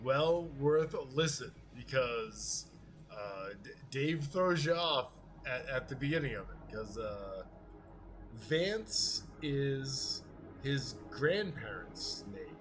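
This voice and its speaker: Over music, a man with a medium-pitched voice talks slowly yet animatedly. Hosting a casual podcast chat, he rambles, swears, laughs a lot, and acts out what people said.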